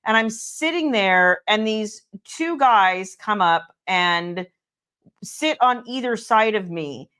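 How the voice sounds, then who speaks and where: A woman's voice: mid-range voice, animated, slow pace, pushed and bright, smooth. A middle-aged woman from California hosting a casual livestream, chatty, telling stories with lots of fillers. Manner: chatty storyteller with many fillers and restarts.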